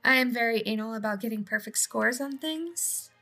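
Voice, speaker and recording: Woman co-player, bright, slightly husky, teasing and quick to correct. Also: on the high side. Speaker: co-player and partner. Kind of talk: casual chat while playing a video game.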